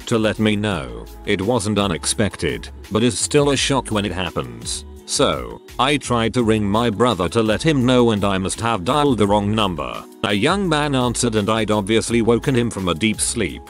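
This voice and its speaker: A man narrating online stories in a scripted, steady reading style, with occasional odd mispronunciations. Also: lowish voice. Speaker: narrator reading Reddit posts.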